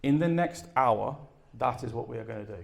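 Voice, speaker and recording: Male conference speaker, gravelly, energetic storyteller who asks the room questions. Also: mid-range voice, a little fast. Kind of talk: live talk and Q and A. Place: event room with an audience.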